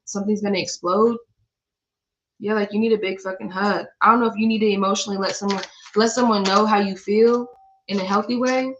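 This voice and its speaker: A woman's voice: medium pitch, low-quality recording. Blunt, swearing woman giving a card reading. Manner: blunt and profane, swears often, laughs at herself. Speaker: tarot reader. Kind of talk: casual spiritual card reading.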